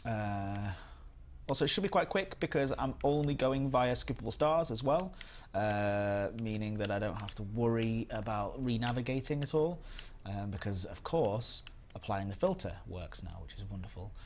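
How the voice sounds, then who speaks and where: A man's voice: lowish voice, animated, normal speed, a little hiss or hum. Chatty young man streaming a game. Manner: chatty, greets viewers by name, upbeat. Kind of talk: casual live-stream chat.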